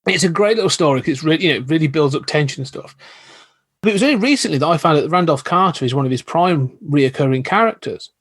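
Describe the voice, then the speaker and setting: A man's voice: a little high, lively intonation, fast, fairly bright tone, husky, dry recording. A man, a podcast guest, telling stories in an enthusiastic, rambling, casual way. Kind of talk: casual chat.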